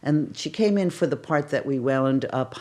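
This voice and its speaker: An older woman with a bass voice speaks at normal speed. A casting director in a podcast interview, she tells stories animatedly and acts out the exclamations she quotes.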